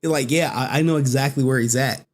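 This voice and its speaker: A stream host with a medium-pitched voice talks fast, offering loose, rambling commentary. He repeats himself and keeps breaking into giggles and laughter.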